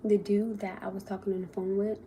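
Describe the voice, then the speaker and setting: Woman, young adult, animated storytime rant, swears, quotes others, noisy phone recording. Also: medium pitch, fairly quick. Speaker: livestreamer.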